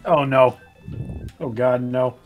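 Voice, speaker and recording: A man's voice: medium pitch, steady tone, takes it slowly, narrow, tinny audio, faint music behind. A man chatting with friends on a stream, joking around and laughing a lot. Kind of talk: casual chat.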